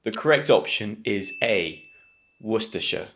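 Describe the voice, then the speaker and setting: A man with a British accent giving an online English pronunciation lesson, patient and clear, slowing down to drill each sound. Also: on the low side, slight background noise.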